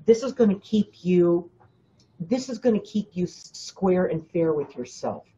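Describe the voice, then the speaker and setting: A woman's voice: lowish voice, expressive, a little slow, warm tone, muffled recording. A woman hosting a spiritual coaching talk, speaking emphatically to her listeners, often repeating herself and addressing them directly. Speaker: spiritual teacher and host.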